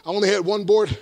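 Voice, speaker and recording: Evangelist, high gravelly voice, shouts call-and-response lines at the crowd. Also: male voice. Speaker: evangelist and motivational speaker. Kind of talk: energetic stage motivational talk. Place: large room before a live audience.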